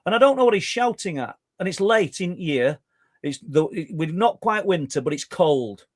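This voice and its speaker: Speaking at normal speed in a high-pitched voice, this middle-aged Yorkshireman is a guest researcher spinning a long conversational story. He's animated and chatty but keeps stumbling and restarting. The recording is clean studio sound with no room sound.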